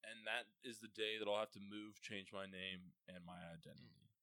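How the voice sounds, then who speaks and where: A young man co-hosting a casual podcast, telling crude stories and jumping into loud, exaggerated voices. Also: flat delivery, normal speed, smooth, dry recording. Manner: loud, laughing, jumps into high exaggerated voices.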